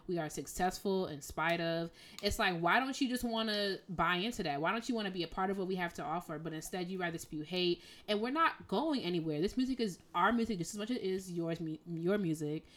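An emphatic woman podcast co-host lets off steam in a casual rant. Her voice is bright and forceful, sitting a little low. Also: animated, a little fast, hardly any pauses. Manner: exasperated, emphatic, conversational slang.

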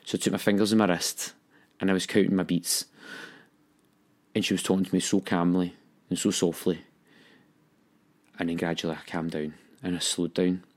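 Candid young man, lowish voice. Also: flat delivery, moderate pace, long pauses. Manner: candid, emotional, acts out quoted voices. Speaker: storyteller recounting his own experience. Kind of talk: personal storytelling.

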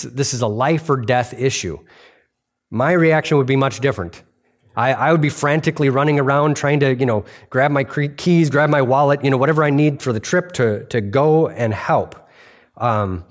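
A middle-aged male pastor preaching in an earnest, conversational way. His voice sits at an ordinary middle pitch, and he often restarts a line or repeats a phrase for emphasis. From United States. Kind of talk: sermon.

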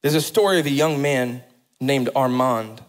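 A man's voice: medium pitch, moderate pace, rough recording. A middle-aged man preaching a sermon and telling a story, building to impassioned, emphatic phrases. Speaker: pastor.

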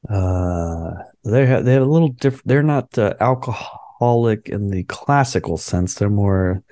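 A man's voice: lowish voice, measured pace, mellow, dry recording. A man co-hosting a podcast, musing wryly and sarcastically in casual comedic chat. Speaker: podcast co-host.

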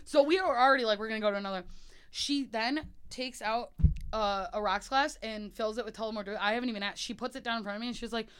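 A woman's voice: fairly high pitch, quick pace, a bit bright, clear, resonant tone. A woman guest in a casual podcast chat, telling comic stories animatedly, laughing often and acting out what people said.

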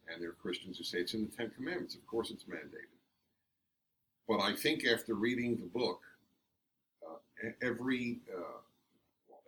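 A radio host telling stories emphatically as the guest in an interview, recorded from a distance. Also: male voice, deep voice, a little hiss or hum. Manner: emphatic, animated storyteller. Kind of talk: interview storytelling.

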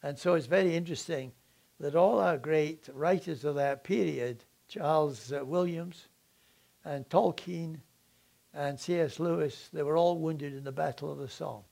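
Slow gravelly older male lecturer. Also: a little high, darkish tone. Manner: slow, reflective storytelling with frequent ums.

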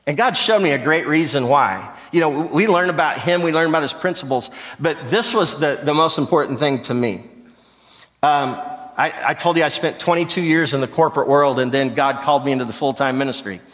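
A male pastor preaches in a lively, conversational manner, throwing rhetorical questions to the people in the pews. His voice sits a little high for a man and carries a long reverb from a large church hall. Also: a little fast. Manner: animated storytelling, rhetorical questions to the congregation. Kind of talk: conversational sermon. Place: church sanctuary.

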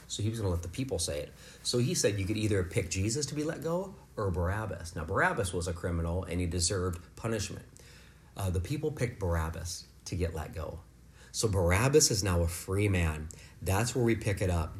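A man leading a home Bible lesson for his kids, explaining scripture in a relaxed, conversational way. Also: lowish voice. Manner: rises to loud, fervent preaching, then talks softly and warmly with kids. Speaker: father leading a family devotion. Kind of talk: preaching to children at home.

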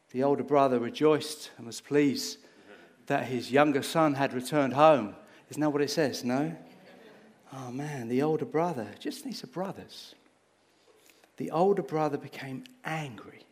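A man preaching a sermon, acting out a Bible story with lively energy and getting short of breath as he moves about. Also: a little high. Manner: animated, acts out the story, gets breathless.

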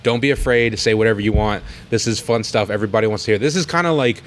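A man hosting a podcast in casual chat, playful and quick to laugh. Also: fairly low pitch, slight background noise. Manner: laughs often, playful, tries impressions. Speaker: podcast host.

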